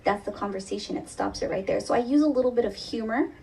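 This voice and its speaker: A woman's voice: a little high, fast, mellow, recorded from a distance, slight background noise. A woman therapist speaking on a live podcast panel, candid and humorous, laughing often.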